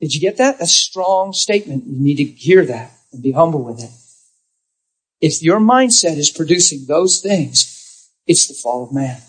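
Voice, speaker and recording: Husky preaching man. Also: on the high side, lively intonation, moderate pace. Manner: storytelling, emphatic and direct. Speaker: pastor. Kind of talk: sermon.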